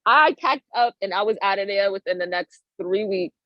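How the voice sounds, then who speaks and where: A woman's voice: mid-range voice, normal speed, no echo. A woman guest on a podcast, telling a story casually with slang and acting out the voices of people in it. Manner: acts out quoted voices with big swings in tone. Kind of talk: animated storytelling in casual chat. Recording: dry, dull lo-fi audio.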